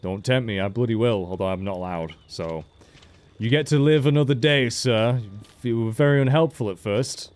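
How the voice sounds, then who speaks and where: A man's voice: medium pitch, normal speed, a little mellow. A man giving casual, joking game commentary as a let's play host, with frequent swearing. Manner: chatty, joking, swears freely.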